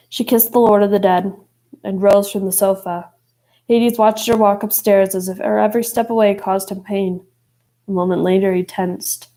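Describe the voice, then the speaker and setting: A woman's voice: medium pitch, fairly even intonation, moderate pace, warm tone, rough recording. A woman narrating an audiobook expressively, voicing each character. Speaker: audiobook reader.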